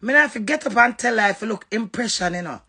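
A Jamaican woman on a heated livestream, cussing and confronting someone head-on. Her voice sits high and comes out gravelly and husky, with a sharp, bright edge. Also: lively intonation, fast talker. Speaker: social media livestreamer.

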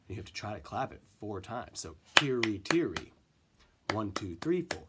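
A man's voice: fairly low pitch, sing-song, normal speed, background noise. A man teaching an elementary music class, counting in and chanting rhythm syllables for the children to clap along.

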